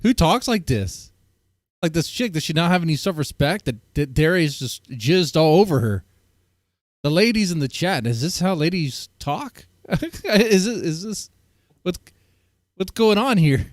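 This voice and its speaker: A man's voice: a little high, expressive, moderate pace, dry recording, clean studio sound. A man streaming casually, reacting to clips in a blunt, rambling way and often breaking off mid-sentence. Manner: blunt, rambling, self-interrupting. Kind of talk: casual chat.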